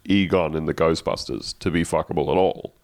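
A man with a very low voice co-hosts a podcast, recapping a TV episode in a loose, chatty way. His commentary is wry and sardonic. The sound is dry and close-miked. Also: fairly even intonation, fairly quick, darkish tone, dry recording. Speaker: podcast co-host. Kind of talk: casual chat recapping a TV episode.

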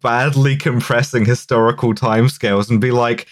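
A man's voice: medium pitch, lively intonation, normal speed. A man co-hosting a podcast, joking sardonically in casual chat, often stammering as he restarts. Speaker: podcast co-host.

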